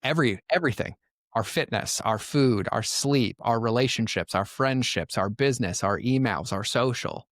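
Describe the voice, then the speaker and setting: A man's voice: medium pitch, fairly bright tone, dry recording, studio quality. A man as a podcast guest, telling his life story in an earnest, emphatic way. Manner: earnest, emphatic, quick to act out quotes. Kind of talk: personal storytelling in conversation.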